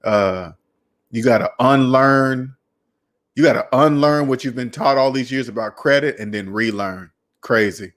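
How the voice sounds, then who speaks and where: A man hosting a casual talk about debt, laid-back and slow, tagging "man" onto his sentences. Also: mid-range voice, fairly bright tone. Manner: laid-back, says "man" often, wraps up slowly. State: hiccuping. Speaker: host. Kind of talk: casual chat.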